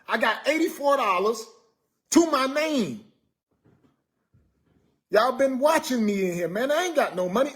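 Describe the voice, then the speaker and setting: Very high-voiced man ranting jokingly. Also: animated, a little slow, pauses often, a bit bright. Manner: exasperated, joking, repeats himself, says man a lot. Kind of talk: casual live stream rant.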